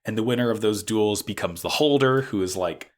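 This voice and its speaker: A man's voice: on the low side, fairly quick. A man co-hosting a podcast, recapping an anime in a rambling, casual way, full of "like" and restarts. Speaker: podcast co-host.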